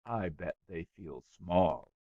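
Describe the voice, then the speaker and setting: A man's voice: deep voice, expressive, slow, mellow, no echo, highs cut off, full character voice. A man voicing a sulky, bored schoolboy who pleads and complains emphatically in an audiobook. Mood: sulky pleading.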